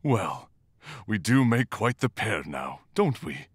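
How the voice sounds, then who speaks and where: A man voicing a gentle, tearful demon-hunting monk in a romantic character audio role-play, talking in a shy, halting, emotional way. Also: fairly low pitch, sing-song, no echo, studio quality, exaggerated voice. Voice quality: soft, husky, slow and tender.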